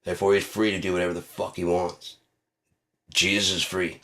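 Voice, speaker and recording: A man's voice: sits low, little pitch movement, brisk, a bit bright. A man hosting his own channel, delivering a profane, heated, mocking rant. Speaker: channel host. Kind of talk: ranting monologue.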